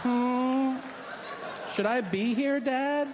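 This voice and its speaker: A man's voice: extremely high pitch, drawn-out words, very noisy, pitched above the performer's own voice, exaggerated voice. A man voicing his own penis as a timid, lazy little figure with a petulant boyish whine.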